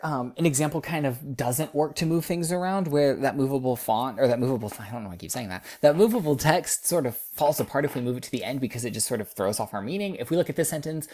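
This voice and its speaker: Woman instructor with a low, mellow voice for a laid-back recorded writing lesson. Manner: casual, explanatory, self-correcting. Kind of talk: recorded lecture over slides.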